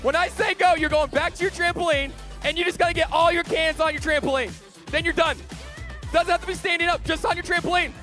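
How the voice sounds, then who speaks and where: A man hosting a camp game on stage, shouting energetically to a crowd, his voice getting strained. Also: very high-pitched, fast, soft background music. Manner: energetic, loud, calling out to a crowd. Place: large camp event hall.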